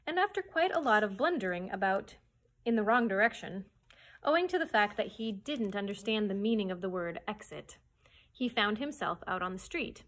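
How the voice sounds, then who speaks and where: A woman librarian reads a children's chapter book aloud at story time. Her delivery is expressive, with a middle-range pitch.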